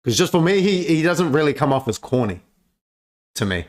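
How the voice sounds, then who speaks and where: A young man hosting a music reaction video, chatting casually in slang, swearing freely and breaking into excited exclamations. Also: a little high, brisk. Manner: slangy, profane, calls viewer bro.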